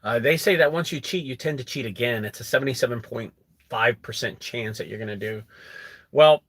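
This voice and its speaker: A young adult man who runs a junk removal business, telling a story to camera in an animated way and acting out quotes. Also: a little fast, dry recording. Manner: animated, acts out quotes with rising pitch.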